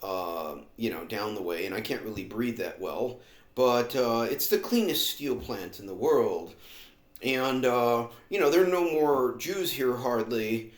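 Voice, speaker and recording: A man's voice: medium pitch, a little slow, echoey room. A man vlogging in a rambling, sardonic monologue full of fillers and asides. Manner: sardonic, filler-heavy, meandering.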